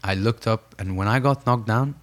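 Appearing on a podcast, a young professional boxer from Saudi Arabia recounts his story with earnest emphasis, repeating phrases to drive points home. His pitch is fairly low and his pace normal.

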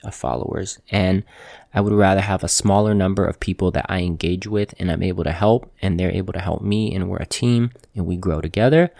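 Low gravelly guy talking straight to camera, calm and earnest, tattoo artist giving life advice. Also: no room sound, studio quality. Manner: repeats phrases for emphasis. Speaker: tattoo artist, show host. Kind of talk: motivational talk to camera.

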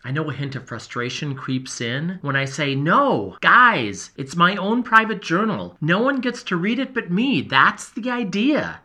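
A man voicing an earnest boy explorer who tells his journal everything, in a lively, emotional, confiding first-person delivery. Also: mid-range voice, normal speed, hardly any pauses, lightly acted. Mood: excited. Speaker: narrator. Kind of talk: first-person audio storytelling.

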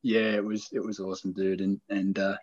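A middle-aged man, excitedly telling a hunting story on a casual podcast. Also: low-pitched, fairly quick, dull audio. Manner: animated, excited storyteller, acts out quoted lines.

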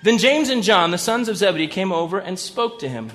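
A man with a high voice delivers a sermon as pastor, talking to the congregation in an easy, conversational way and dropping in humorous asides. His voice rings out with a long reverb, as in a large church hall. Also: expressive, brisk, a bit bright.

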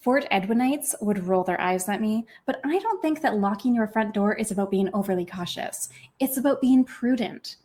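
A woman author and podcast host reading her own novel aloud with expressive, lively storytelling. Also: medium pitch, moderate pace, few pauses.

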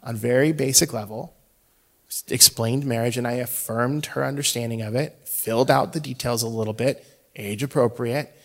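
A man's voice: mid-range voice, steady tone, normal speed, gravelly. A man in his thirties giving a conversational, humorous sermon, telling a story about talking with his young daughter. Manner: conversational and humorous, acts out quoted dialogue. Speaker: speaker, father.

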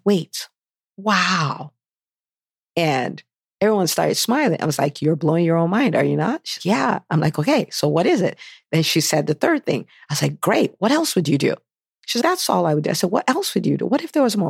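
A woman hosting a solo podcast, talking with eager, animated energy as she tells a story. Her voice has a gravelly fry at the edges. The sound is close and dry, with no room echo. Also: low voice. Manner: enthusiastic, animated storytelling with repeated questions. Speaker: podcast host and physician business coach.

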